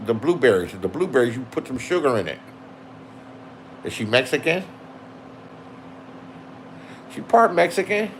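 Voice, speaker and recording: A man's voice: on the high side, gravelly, slight background noise. A man in his sixties talking casually to camera, rambling and swearing as he reminisces. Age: 60s. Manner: profane, reminiscing, loose and chatty. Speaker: vlogger. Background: music playing.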